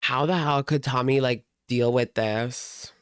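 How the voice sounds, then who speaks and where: Sarcastic, exasperated commentary host with a smooth voice. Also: mid-range voice, unhurried, dry recording, studio quality. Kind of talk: casual reaction commentary.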